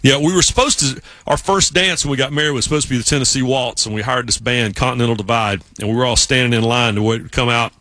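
A man's voice: mid-range voice, quick pace, hardly any pauses, sharp tone, dry recording. A man co-hosting a podcast, chatting casually and acting out the voices in his stories. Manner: storytelling, acts out quoted voices. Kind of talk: casual chat.

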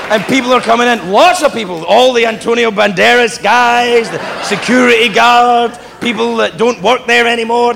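A man's voice: very high voice, moderate pace, gravelly, few pauses. A man doing stand-up comedy, telling a story with laughing asides and swearing, on a stage before a live audience. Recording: live club with crowd noise.

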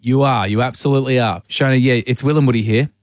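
Excitable male radio host, dry sound. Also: mid-range voice, quick pace, no echo. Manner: excitable, stammering, playful. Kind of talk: live radio call with a listener.

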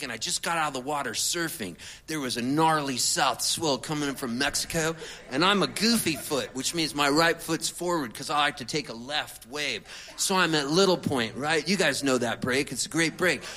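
A man, a singer-songwriter, telling a comic story in an animated, chatty way with laid-back surfer slang. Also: medium pitch.

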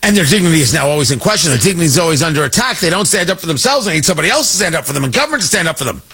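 A man hosting a talk radio show, giving an emphatic, mocking political commentary monologue with drawn-out stresses. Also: a little high, sing-song, sharp tone, husky.

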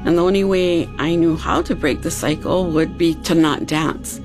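Over background music, a woman who is a hula dancer tells her own story earnestly and reflectively, recalling events step by step. Her voice is low and her pace moderate.

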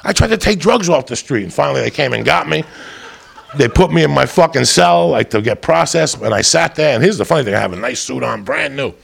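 A man telling a profane stand-up story, rowdy and swinging into loud high-pitched outbursts. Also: animated, a little fast, creaky, husky. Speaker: comedian. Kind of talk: stand-up storytelling to a live audience.

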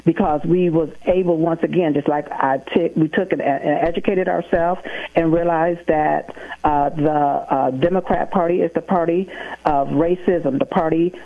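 Deep-voiced woman on a phone-quality line, emphatic, rhythmic list-building. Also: steady tone, moderate pace. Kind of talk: casual conversation. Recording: tinny phone-line sound.

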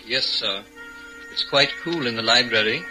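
An actor playing a polite, deferential household butler in a radio drama, speaking formally. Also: male voice, mid-range voice, moderate pace, over music, close to an everyday voice, low-quality recording.

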